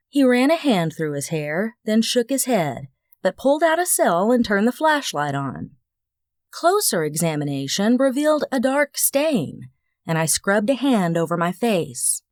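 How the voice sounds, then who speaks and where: Woman audiobook narrator, animated lilt, wry, expressive, close dry studio sound. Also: on the high side, no echo. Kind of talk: first-person audiobook narration.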